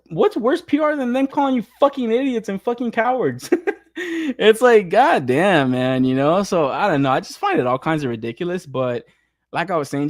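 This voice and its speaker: Young male host, loose and swearing, laughs through his rants; mid pitch, dry sound. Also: no echo. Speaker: podcast host. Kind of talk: casual chat.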